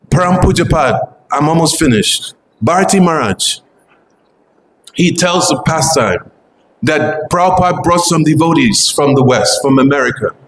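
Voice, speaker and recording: A man's voice: fairly high pitch, a little hiss or hum. Fervent man preaching in an echoey space. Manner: earnest, repetitive, fervent. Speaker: devotional speaker. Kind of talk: devotional memorial talk.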